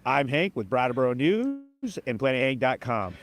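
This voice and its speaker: Dude reporting news from the scene, plain matter-of-fact tone, mid pitch. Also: male voice, sing-song, normal speed.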